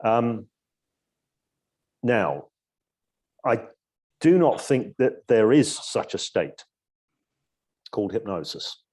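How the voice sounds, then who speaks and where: A man with a low, husky voice talks through his coaching in a thoughtful podcast chat. He explains with examples and now and then slows into a soothing, hypnotic tone. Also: big pitch swings, darkish tone. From Edinburgh, Scotland. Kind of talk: casual interview conversation.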